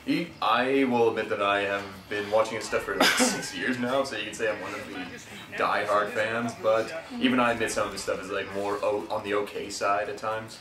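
A man's voice: lowish voice, steady tone, a crowd in the background. A young man with an American accent, joking and rambling through casual gaming chat as host. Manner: joking, rambling, quick laughs. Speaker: let's play host. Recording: roomy distant mic with noise.

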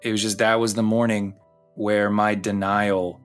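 Low-voiced man telling a confessional story. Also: flat delivery, clear, resonant tone, faint music behind. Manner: intimate, confessional storytelling, slows down on key phrases. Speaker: podcast host. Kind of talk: personal narration over music.

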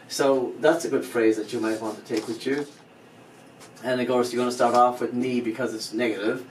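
A man's voice: medium pitch, far from the mic. Man teaching phrases in an echoey room. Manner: explains patiently, repeats phrases, spells out words letter by letter. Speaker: language teacher. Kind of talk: informal spoken language lesson. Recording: echoey room, voice from off-mic, faint background hum.

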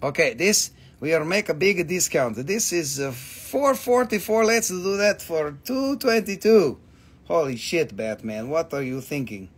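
Selling crystals and rocks live on a stream, a high-voiced man jokes around with profane, teasing banter in casual sales talk. His delivery is animated and a little slow, with a breathy edge, and he trails off with repeated fillers when flustered.

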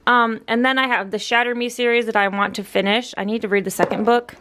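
A woman's voice: on the high side, fairly even intonation, fast talker, background noise. A young woman in her twenties, chatting casually for her vlog in an upbeat way with lots of fillers. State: out of breath. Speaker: vlogger. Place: in her car, then at home by a bookshelf.

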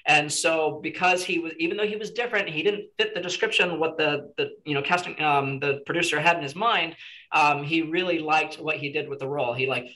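A man's voice: on the high side, steady tone, brisk, bright, forceful tone, rough recording. A man teaching a casual screenwriting workshop to a small group, chatty and encouraging with lots of "you know"s.

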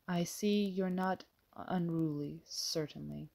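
A woman's voice: fairly low pitch, takes it slowly, creaky, dark tone, heavily acted. A woman reading the lines of a stern middle-aged male estate steward, in a blunt, questioning, bossy manner.

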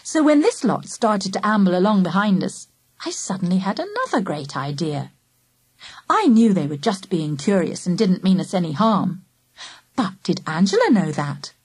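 Lively woman reading a children's story. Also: medium pitch, husky, no room sound. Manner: lively, animated first-person storytelling. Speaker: audiobook narrator. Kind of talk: storybook narration.

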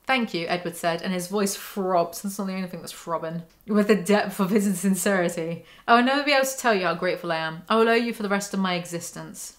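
A woman's voice: medium pitch, quick pace, few pauses. A woman with a mid-range voice reads aloud from a novel, then cuts in with dry, sarcastic asides. Her commentary is mocking and conversational, like a YouTuber tearing apart a book.

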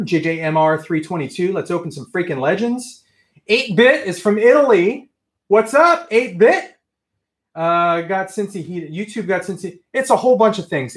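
Male livestream host, excitable and ranty, high lively voice. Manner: excitable, ranting, says friggin' often. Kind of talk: casual livestream chat.

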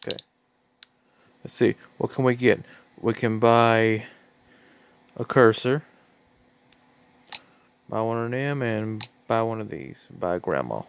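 A woman's voice: very deep voice, slow pace, pauses often, clear, resonant tone. A woman casually rambling and swearing as she comments on a game she is playing, laughing often. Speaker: gaming channel host. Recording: loud background noise, clicking.

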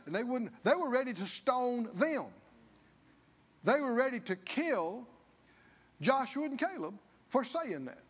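A man's voice: very high-pitched, slightly rough, long reverb tail. A male pastor preaching a sermon, folksy, acting out the grumbling of the people. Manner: folksy, acts out the people's grumbling in character voices. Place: church.

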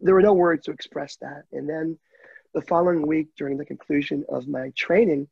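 Heartfelt man, husky and gravelly, dry dull lo-fi call sound, higher voice. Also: fairly even intonation, a little fast, no echo. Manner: heartfelt, candid, chokes up at times. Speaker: guide dog client telling his story. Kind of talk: emotional interview storytelling.

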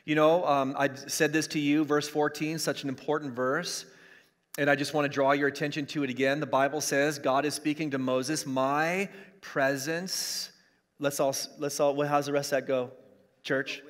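With a fairly high pitch and flat delivery at a moderate pace, a middle-aged pastor preaches to an online audience from his church. He repeats key lines for emphasis, and the sound carries a long hall reverb.

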